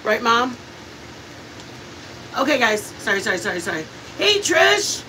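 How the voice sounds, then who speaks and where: A woman's voice: mid-range voice, moderate pace, recorded from a distance, slight background noise, low-quality recording. A woman hosting a cooking stream, chatting and laughing as she tells family stories. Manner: chatty, laughing, animated storyteller. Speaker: cooking channel host. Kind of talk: casual storytelling while cooking on a live stream.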